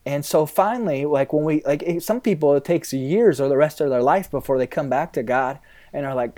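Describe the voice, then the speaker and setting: A man's voice: a little high, a little fast, warm tone. A man in his thirties, a pastor, talking candidly in a casual interview, rambling a little with fillers.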